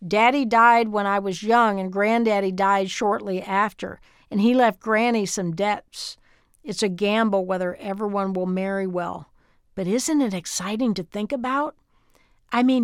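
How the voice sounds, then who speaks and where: A woman's voice: on the high side, fairly bright tone, clear, resonant tone, no echo, studio quality, lightly acted. A woman voicing an earnest young woman at pageant training, speaking in a folksy, encouraging way. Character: upbeat young Southern woman pageant hopeful.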